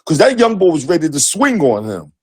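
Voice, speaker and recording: Husky-voiced man telling a heated story. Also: on the high side, sing-song, brisk, darkish tone, no room sound. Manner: profane, emphatic, acts out dialogue. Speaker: sports show co-host. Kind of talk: animated storytelling.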